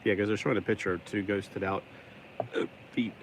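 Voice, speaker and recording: A man's voice: fairly low pitch, steady tone, brisk, noisy background. A man casually narrating his LEGO build, rambling and joking to himself, slipping into a put-on accent. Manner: rambling, talks to himself, sings and jokes while building; puts on a stuck-in accent today. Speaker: YouTuber building a LEGO set.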